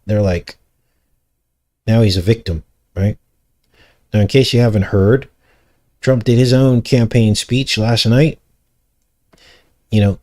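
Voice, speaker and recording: A man's voice: lowish voice, a little mellow. Sarcastic male commentator reading the news. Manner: sarcastic, mocking asides.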